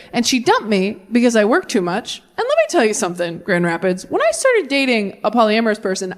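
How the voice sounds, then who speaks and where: A young woman doing stand-up comedy to a live audience, riffing quickly and mocking herself. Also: on the high side, a bit bright. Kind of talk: stand-up set with crowd work. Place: theater stage before a live audience.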